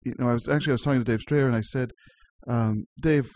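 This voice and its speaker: A man's voice: mid-range voice, fairly even intonation, fast talker, darkish tone. Chatty man hosting radio. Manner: chatty, laughs easily, restarts often. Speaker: radio show host. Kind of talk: casual community radio chat.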